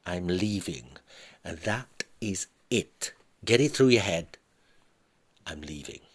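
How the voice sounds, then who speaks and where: Brief: a man reading a hard, egotistical husband, deep and unhurried, dismissive. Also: lively intonation, slightly rough, heavily acted. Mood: cold. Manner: firm, blunt, dismissive. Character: cold, self-centred middle-aged husband, a businessman.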